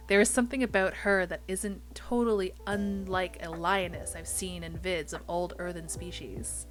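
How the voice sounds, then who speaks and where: A young woman streaming herself reading a visual novel aloud, animated, swearing casually and stumbling over odd names. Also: lowish voice, normal speed, few pauses, soft background music.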